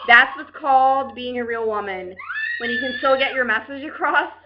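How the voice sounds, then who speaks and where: Woman host chatting live, kinda high voice, blunt and rambly, dull muffled call audio. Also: moderate pace, background noise. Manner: frank, rambling, talks straight to viewers. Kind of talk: casual live video chat.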